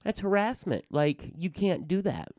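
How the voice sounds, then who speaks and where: A woman's voice: on the low side, sing-song, unhurried, a little mellow, dry recording. A woman co-hosting a podcast in casual chat, making blunt, profane remarks. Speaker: podcast co-host.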